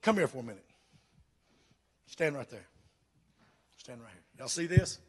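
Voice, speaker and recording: A man's voice: medium pitch, expressive, a little slow. A pastor preaching a fervent sermon to his church, firing questions at the congregation.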